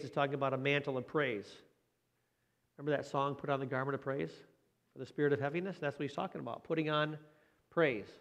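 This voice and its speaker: A man's voice: mid-range voice, highs cut off. A man preaching a conversational sermon as a pastor. He talks in a folksy way, asks the listeners questions and adds light joking asides.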